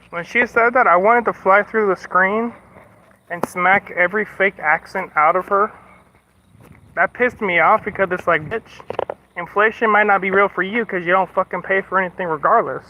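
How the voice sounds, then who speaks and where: In slightly muffled stream audio with some background noise, an American man with a high, sharp voice talks at normal speed. He rants profanely during casual livestream chat, then apologizes.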